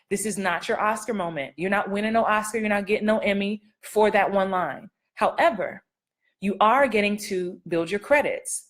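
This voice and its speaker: A middle-aged woman acting coach giving casual live-stream advice, playful and sassy, laughing often and acting out line readings. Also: medium pitch.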